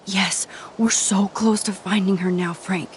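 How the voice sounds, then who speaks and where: Actress as a calm, pleading young heroine; mid pitch, game dialogue, faint noise behind. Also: female voice, unhurried, lightly acted. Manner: soft-spoken, pleading. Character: earnest young woman, calm and persuasive. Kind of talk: video game voice acting.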